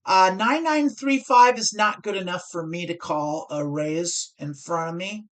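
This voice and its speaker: A woman's voice: on the low side, unhurried. An American woman streaming online poker, explaining her decisions as she thinks aloud and corrects herself. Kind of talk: live-stream strategy commentary.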